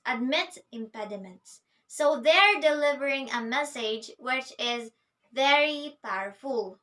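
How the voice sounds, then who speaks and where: A woman's voice: high-pitched, bright, forceful tone, recorded from a distance. A woman teacher giving a recorded literature lecture, patiently explaining and answering her own questions.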